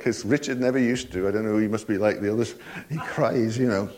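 A man's voice: fairly low pitch, fairly quick, a little mellow. An older man preaching a sermon in a folksy way, chuckling often and asking his listeners rhetorical tag questions.

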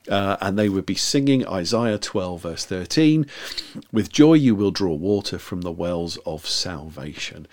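A man preaches a sermon to an online audience, chatting more than declaiming, with plenty of fillers. His voice sits fairly low but moves a great deal, and it often drops into a gravelly creak. He stays conversational throughout. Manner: conversational, animated delivery with frequent fillers. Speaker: guest preacher. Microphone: video recording for online viewers.

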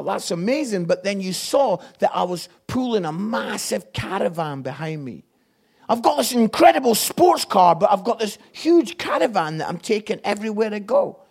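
A Scottish man preaching an evangelistic sermon, energetic and jokey with loud outbursts. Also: high voice, vocal fry, slightly rough. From Scotland.

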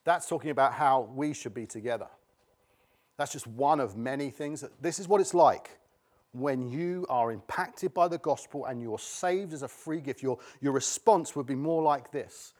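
A man's voice: mid-range voice, normal speed, a little mellow. A middle-aged man preaching a sermon, emphatic and repeating key words for stress.

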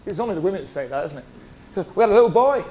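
A male pastor, preaching a lively, conversational sermon full of humorous stories. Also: sits high, fast talker. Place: church hall.

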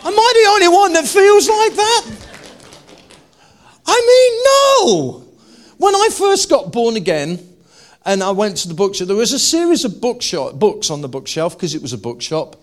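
A man preaching a humorous sermon to a live congregation. He jokes and then builds to loud, emphatic declarations. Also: medium pitch.

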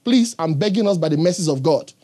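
A man's voice: fairly high pitch, lively intonation, quick pace, dark tone. A man preaching a sermon in an earnest, emphatic way, often checking in with the congregation.

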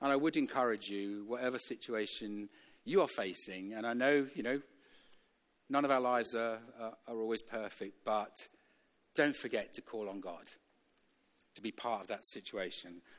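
A man's voice: lowish voice, normal speed, a bit bright. A man preaching a sermon in a church, emphatic and repetitive, chuckling now and then between points. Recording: long reverb of a church hall.

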